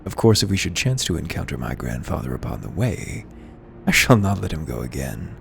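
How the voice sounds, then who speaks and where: A man's voice: very deep voice, very animated, fairly quick, vocal fry, a bit bright, slight background noise, full character voice. A man reading out a formal young male scholar's lines in a stately, archaic manner while fighting hiccups. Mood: solemn.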